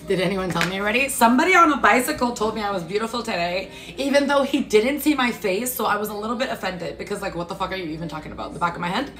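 A woman's voice: mid-range voice, animated, rapid-fire, hardly any pauses, fairly bright tone, a little hiss or hum. Woman streamer, casual and foul-mouthed, mid-range voice, phone mic in an echoey kitchen. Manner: blunt, profane and laughing. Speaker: livestream host. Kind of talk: casual chat while eating. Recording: echoey room with faint music.

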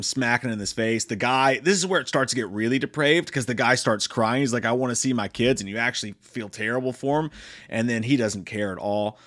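A man's voice: mid-range voice, no room sound, clean studio sound. Profane joking male movie reviewer. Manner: profane, joking, animated retelling. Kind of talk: casual spoken review.

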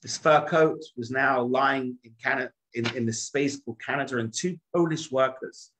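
A man's voice: mid-range voice, normal speed, fairly bright tone, rough recording. Middle-aged male rabbi, dramatic storyteller. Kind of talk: storytelling talk.

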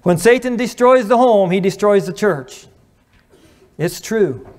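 A middle-aged man preaching a sermon on marriage, earnest, slowing and dropping to a hush at moving points, clearing his throat now and then. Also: high-pitched, animated. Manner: earnest, slows and drops to a hush at emotional points.

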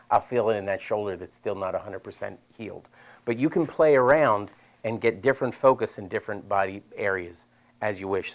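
Chatty Delaware man teaching a seminar. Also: fairly low pitch. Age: middle-aged. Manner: animated, chatty, repeats himself for emphasis. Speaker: physical therapist presenter. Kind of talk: live seminar demonstration. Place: seminar room with an audience.

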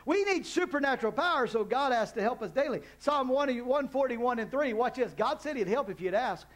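A man's voice: very high voice, expressive, fairly quick, few pauses, a bit bright. A man preaching a sermon as pastor in a church, rising into emphatic call-and-response with the congregation. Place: church hall.

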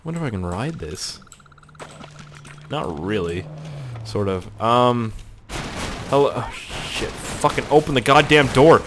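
A man giving excitable, crude let's-play commentary, swearing a lot and joking to himself. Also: medium pitch, unhurried, long pauses, noisy background. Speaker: gaming video host.

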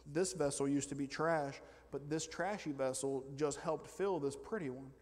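A male pastor preaching a lively sermon. He shifts from loud, excited bragging about God to quiet, joking asides with the congregation. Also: fairly high pitch, moderate pace. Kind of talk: energetic sermon. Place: church sanctuary. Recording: long church reverb.

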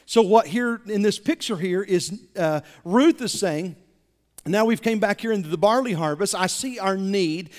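A male pastor preaching a sermon, animated, repeating words as he builds to his points. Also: high voice, normal speed. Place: church sanctuary. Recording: reverberant church sanctuary.

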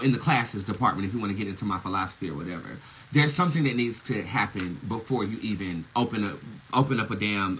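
A man preaches in a loose, casual monologue, emphatic and liberal with curses. His voice is bright and forceful, and he breaks into laughter often. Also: on the low side, slight background noise, poor audio. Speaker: tarot reader and spiritual teacher.

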